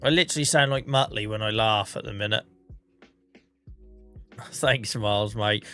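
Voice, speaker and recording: Faint music plays behind this man from England, who's in his forties and speaks Norfolk English. Pausing often in a fairly low, pushed, bright voice at normal speed, he streams a farming game, coughing from being unwell, chatting, swearing, and mocking himself.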